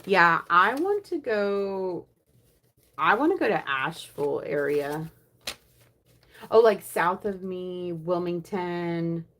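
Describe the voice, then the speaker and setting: A young woman vlogging a savings challenge, chatting casually and counting money aloud, often dropping to a soft murmur. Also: fairly low pitch, lively intonation, slow. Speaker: budgeting vlogger.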